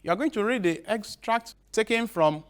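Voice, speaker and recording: A male teacher giving a broadcast literature lesson, repeating each definition slowly with halting restarts. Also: high-pitched, expressive.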